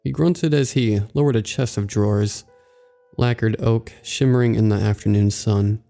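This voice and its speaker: A man narrating a scripted horror story in a slow, measured way. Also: lowish voice, creaky, dark tone. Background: faint background music.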